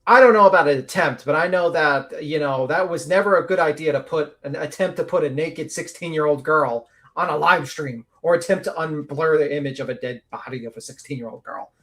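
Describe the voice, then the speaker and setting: A man's voice: fairly high pitch, brisk, hardly any pauses, fairly bright tone. A man giving blunt, sarcastic commentary on a livestream panel, swearing freely.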